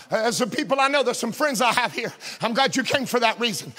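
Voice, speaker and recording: Brief: male Pentecostal pastor, very high voice, shouting sing-song delivery. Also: lively intonation, brisk, few pauses. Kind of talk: Pentecostal sermon. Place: church.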